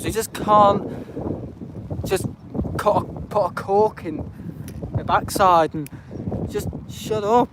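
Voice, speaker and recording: A man hosting a casual live stream outdoors at an airport, rambling and aggrieved with many fillers. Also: high-pitched. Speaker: livestream host. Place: outdoors at an airport visitor park. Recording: noisy outdoor stream audio.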